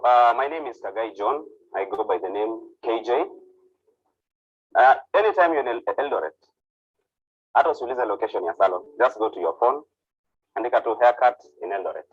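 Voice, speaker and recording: Husky-voiced Kenyan man, casual and dry. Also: mid-range voice, lively intonation, brisk, long pauses, dry recording, highs cut off. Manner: casual, mixing in Swahili phrases, with filler uhs. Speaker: hairstylist sharing his story. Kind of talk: personal testimony speech.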